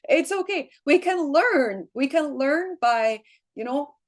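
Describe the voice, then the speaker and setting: A woman's voice: high-pitched, animated, slow pace. A middle-aged woman leading a motivational team call, encouraging and chatty, often tagging her points with "right?". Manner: encouraging, frequent "right?" tags, laughs easily. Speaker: team leader.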